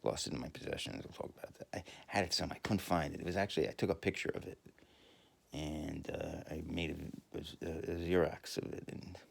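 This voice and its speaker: A man's voice: a bass voice, steady tone, a little fast, vocal fry. A man, rambling through a crude comic monologue full of swearing and laughter. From New York, USA. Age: 50s. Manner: profane, laughing, rambling storyteller.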